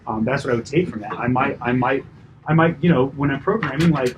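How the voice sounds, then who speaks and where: Guy trainer talking through a client session, chatty and lively, middle pitch, slight hiss behind. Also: fairly quick. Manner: chatty, animated, many fillers and asides. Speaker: personal trainer. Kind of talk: casual coaching debrief.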